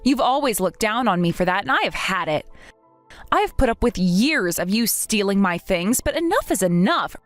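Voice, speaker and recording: A woman's voice: mid-range voice, very animated, normal speed, no echo, soft background music. A young woman narrating and acting the lead in a dramatized story, speaking in a firm, indignant way.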